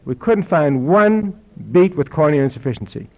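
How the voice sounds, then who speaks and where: A man's voice: a little high, lively intonation, fairly quick. Wry older man telling a story. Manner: dry, wry storytelling with chuckles. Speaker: speaker telling his health story. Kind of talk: anecdotal talk to an audience. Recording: dull lo-fi recording with audience laughter.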